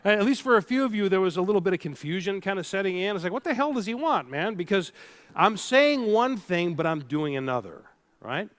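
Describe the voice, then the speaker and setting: A man with a high-pitched voice delivers a keynote from a stage before a live audience. He tells stories with animation and playfully leads the crowd through exercises. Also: lively intonation, fairly quick, a bit bright. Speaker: keynote speaker.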